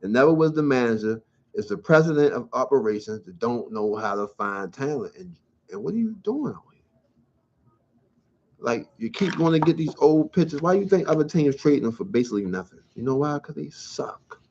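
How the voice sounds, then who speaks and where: A man hosting his own sports talk show, ranting in loose slang and swearing freely about his team. His voice sits a little high for a man. The recording is dull and low-fi. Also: sing-song, fairly quick, dark tone. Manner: blunt, profane, ranting, conversational slang. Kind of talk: solo sports rant show. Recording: dull lo-fi sound.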